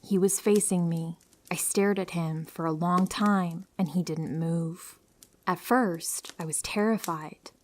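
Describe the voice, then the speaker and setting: Soft-spoken woman reading scary stories. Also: lowish voice, slow pace, slight background noise. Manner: calm, soft-spoken, dipping into whispers for tense moments. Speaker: narrator reading listener horror stories. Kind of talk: scripted narration of horror stories.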